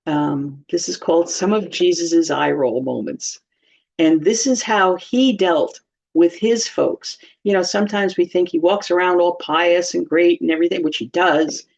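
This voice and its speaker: A woman's voice: fairly low pitch, unhurried, vocal fry, darkish tone. A woman giving informal, humorous Bible teaching in a chatty way, laughing often. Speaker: church teacher. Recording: slightly dull lo-fi sound.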